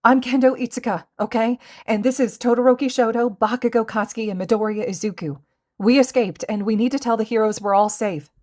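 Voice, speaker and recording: A woman voicing an excited teenage girl student who talks loudly and in a rush, in a fan audiobook. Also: medium pitch, pitched above the performer's own voice, lightly acted. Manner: loud, rushed, eager.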